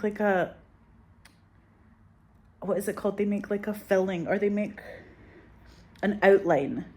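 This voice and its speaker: A woman's voice: mid-range voice, a little mellow. A middle-aged woman chatting casually to her viewers, rambling and anxious, swearing often. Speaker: vlogger. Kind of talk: casual chat to camera.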